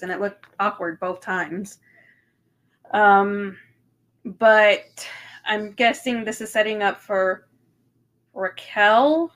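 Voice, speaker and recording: Woman, thirties, bright tone, casual podcast chat, lots of ums, swearing. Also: mid-range voice. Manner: chatty, swears freely, many ums. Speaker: podcast co-host.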